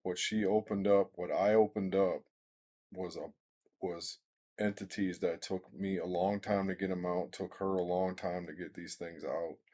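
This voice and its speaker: A man's voice: low voice, fairly even intonation, moderate pace, a little mellow. A man hosting a reaction video, stressing his points emphatically in a preacher-like way. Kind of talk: reaction commentary.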